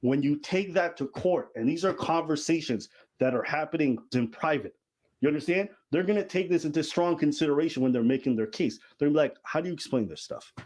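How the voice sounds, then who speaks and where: A man's voice: a little high, expressive, a little fast, a little mellow. Explaining man reading out messages. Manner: explanatory, reads quotes aloud. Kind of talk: casual chat, reading out messages.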